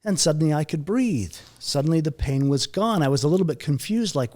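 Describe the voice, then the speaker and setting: A middle-aged man recounting a near-death experience in an interview, halting and repeating words, his voice sinking low and quiet at the hardest moments. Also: expressive. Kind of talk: emotional personal storytelling.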